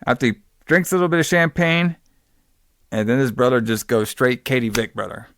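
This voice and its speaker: A man's voice: medium pitch, lively intonation, a little fast, fairly bright tone, no room sound, studio quality. A man hosting a podcast, recapping a film in a casual, rambling way, full of swearing and wrestling-fan slang. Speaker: podcast host.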